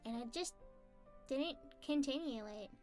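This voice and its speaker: A woman's voice: high voice, lively intonation, measured pace. A woman chatting casually with her livestream viewers, bubbly and giggly, reading out their messages. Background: faint background music.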